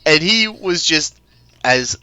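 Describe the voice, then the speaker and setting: Animated young man telling stories. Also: fairly high pitch, slow, crowd noise. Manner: animated, laughing storyteller. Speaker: guest. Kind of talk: casual podcast storytelling.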